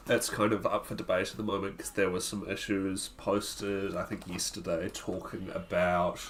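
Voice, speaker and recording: Low-voiced man commenting on gameplay. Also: flat delivery, normal speed, slight background noise. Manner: thinking aloud, answering chat between plays. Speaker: streamer.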